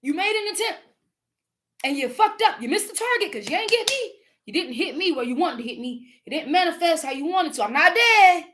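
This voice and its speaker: A woman with a Southern US accent, talking in a casual spiritual vlog, animated and profane, often laughing and repeating words. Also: extremely high pitch, a little fast. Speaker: spiritual content creator.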